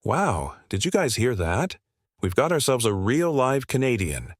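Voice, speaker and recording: A man's voice: medium pitch, sing-song, unhurried, no echo, clean studio sound. A man doing a sneering sarcastic barista. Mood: mocking. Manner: sneering, taunting. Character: sarcastic mocking young barista.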